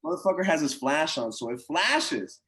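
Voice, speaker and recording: A man who coaches college baseball, telling a story in a casual podcast chat, animated and full of slang and swearing. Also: fairly high pitch, normal speed, background noise. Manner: animated, slangy and profane, with many acted-out quotes.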